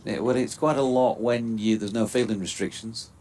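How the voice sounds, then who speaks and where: Bloke doing laid-back cricket commentary, dry little jokes, faint hiss. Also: male voice, fairly low pitch, normal speed. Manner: relaxed, chatty, dry quips.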